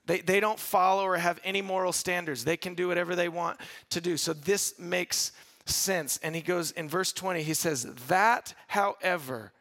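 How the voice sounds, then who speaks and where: A man preaching a sermon to a congregation in a relaxed, conversational way, restarting phrases and drawing the crowd in. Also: high voice, moderate pace. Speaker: pastor.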